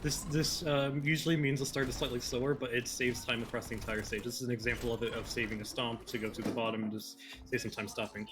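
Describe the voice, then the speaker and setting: A man's voice: medium pitch, fairly even intonation, fast, hardly any pauses, noisy background. Casually joking male game commentator. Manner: joking, dry sarcasm, stumbles over words. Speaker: speedrun commentator.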